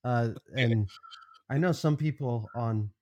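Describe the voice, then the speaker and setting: A man's voice: medium pitch, darkish tone, no room sound, highs cut off. A man co-hosting a casual podcast who runs through news headlines, stumbling on his words and using lots of fillers. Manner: halting, repeats words, many fillers like "um" and "like". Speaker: podcast co-host reading headlines.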